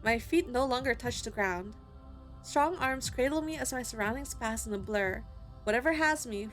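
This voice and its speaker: High-voiced woman reading a visual novel. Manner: expressive, giggly, breaks into excited squeals. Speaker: gaming streamer.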